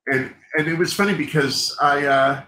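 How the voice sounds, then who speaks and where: The voice is a man's, a little high, bright and forceful at a normal speed, as he hosts a livestream full of candid, openly emotional talk. He rambles and keeps breaking off to restart sentences, with room echo and faint background noise.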